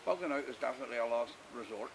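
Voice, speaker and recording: A man's voice: medium pitch, animated, racing, gravelly. A man speaking bluntly and opinionated in a casual chat outdoors. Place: woodland camp outdoors. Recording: outdoor recording with insect noise.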